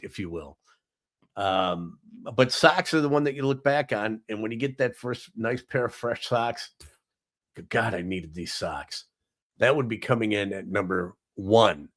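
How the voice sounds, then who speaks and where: Chatty middle-aged man hosting, low-voiced. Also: fairly bright tone. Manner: chatty, jokey, rambling with many ums. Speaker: host. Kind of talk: casual live countdown talk show.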